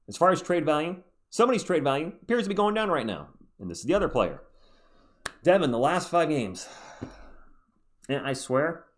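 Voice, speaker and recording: Chatty man doing sports fan commentary. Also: medium pitch. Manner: chatty, animated fan talk with quick asides. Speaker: sports channel host. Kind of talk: solo sports commentary video.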